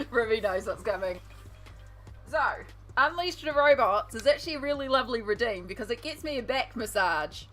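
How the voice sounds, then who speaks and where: A woman's voice: fairly high pitch, animated, moderate pace, long pauses, a bit bright, soft background music, rough recording. A woman streamer chatting casually to her viewers while colouring, giggling often. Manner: chatty, giggly, talks to chat.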